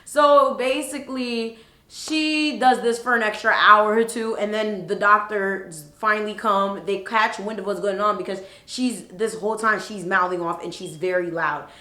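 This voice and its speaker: A woman in her twenties telling a story on a vlog in an animated, profane, expressive way. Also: medium pitch, moderate pace. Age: 20s. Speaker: vlogger. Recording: roomy echo.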